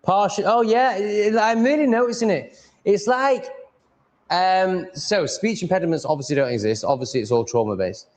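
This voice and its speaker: Live streamer, male, slightly high pitch, mumbly rambling delivery with casual swearing. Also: animated, normal speed. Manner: mumbling, rambling, swears freely, reads chat aloud.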